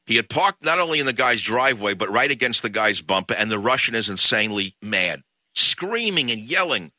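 A man hosting a radio talk show, telling a story in an indignant, animated way. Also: on the low side, brisk, no room sound, lo-fi sound.

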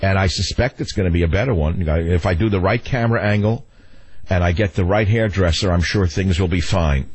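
Older husky man hosting talk radio. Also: deep voice, fairly quick, darkish tone, no room sound. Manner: rambling, wry and joking. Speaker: radio host.

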